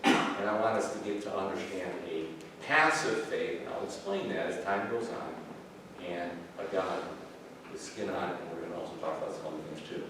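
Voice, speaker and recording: Man, Bible class teacher, halting and informal, recorded far off in a reverberant room with background noise. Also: low-pitched, lively intonation. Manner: conversational, halting, with many fillers and restarts. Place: church classroom. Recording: very echoey room, far from mic.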